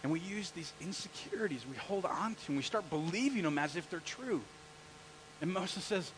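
A man's voice: high-pitched, expressive, normal speed, a bit bright, slight background noise, poor audio. A male pastor preaching a conversational sermon in a church and asking the congregation questions as he goes.

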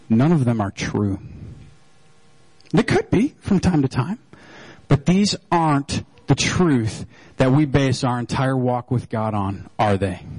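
Joking pastor, loose and filler-heavy. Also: male voice, mid-range voice, darkish tone, no room sound, low-quality recording. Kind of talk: sermon.

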